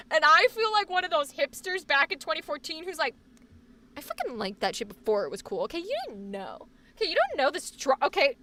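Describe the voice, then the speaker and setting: High, bright-voiced rambling woman streamer. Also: recorded from a distance. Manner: rambling, profane, animated with sudden outbursts. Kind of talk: casual live-stream chat.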